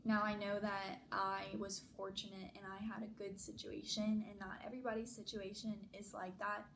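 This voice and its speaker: A woman's voice: mid-range voice, moderate pace, gravelly, slight background noise, rough recording. A young woman vlogger telling a story in a casual, chatty way, full of "like" fillers. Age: young adult. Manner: chatty, many "like" fillers, animated retelling.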